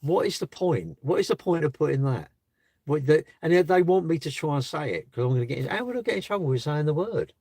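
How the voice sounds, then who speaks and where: A man's voice: a little high, animated, brisk, dark tone, breathy edge, no room sound. A man chatting on a live stream from his parked car, rambling and asking rhetorical questions. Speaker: livestreamer. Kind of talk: casual live stream chat.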